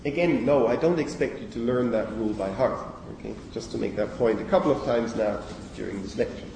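A man's voice: mid-range voice, brisk, vocal fry, dark tone, a little hiss or hum. A man giving a university lecture on phonology, speaking conversationally, putting questions to the class and checking in with "okay?". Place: lecture hall. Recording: echoey lecture hall, mic at a distance.

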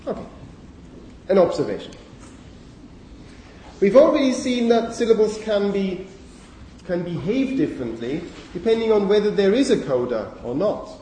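A man's voice: high-pitched, very animated, mellow, distant mic, a little hiss or hum. Man lecturing in an echoey hall. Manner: halting, with frequent fillers and self-corrections. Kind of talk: university lecture on phonology.

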